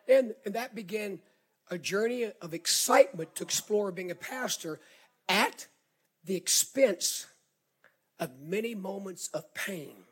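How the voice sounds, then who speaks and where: A middle-aged male pastor with a Southern accent, preaching a sermon as an animated storyteller who repeats words and builds to shouts. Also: sits high, breathy edge.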